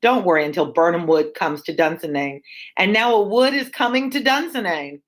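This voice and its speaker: Doomed weary king read by a woman for a class read-aloud, slightly low voice, plain delivery from the page. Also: lively intonation, normal speed, lightly acted, rough recording. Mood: grim. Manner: reads the lines aloud from a text. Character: weary doomed Scottish king Macbeth, man.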